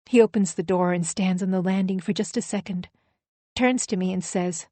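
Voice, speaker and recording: A woman's voice: mid-range voice, steady tone, moderate pace, warm tone, no room sound. A woman narrating a first-person audiobook thriller with a dramatic, emotionally charged reading.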